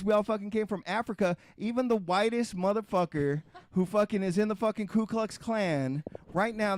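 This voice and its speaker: A middle-aged man hosting a podcast, ranting in a heavily profane, emphatic way, repeating himself and firing off rhetorical questions. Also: high-pitched. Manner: repetitive, restarts and rhetorical questions. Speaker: podcast host. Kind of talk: casual podcast rant.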